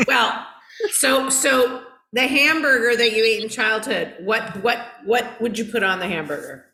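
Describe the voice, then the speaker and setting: Lady host, bright sparky voice, playful questions, roomy echo. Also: a little high, a little slow. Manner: lively, teasing interviewer. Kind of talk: casual chat.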